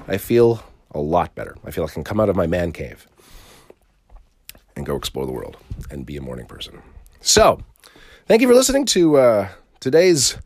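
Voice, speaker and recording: A man with a medium-pitched, somewhat dark voice hosts a casual solo podcast. He rambles, swears freely, and keeps restarting his sentences.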